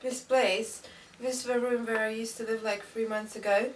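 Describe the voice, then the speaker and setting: A woman's voice: on the high side, fairly even intonation, normal speed. Young woman. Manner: rambling, many fillers. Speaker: interviewee. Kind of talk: casual storytelling. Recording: distant mic, faint room noise.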